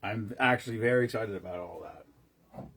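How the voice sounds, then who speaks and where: A man's voice: fairly low pitch, moderate pace, creaky, a bit bright, a little hiss or hum. A man casually chatting on a live stream, rambling between stories and greeting viewers by name as he mixes drinks.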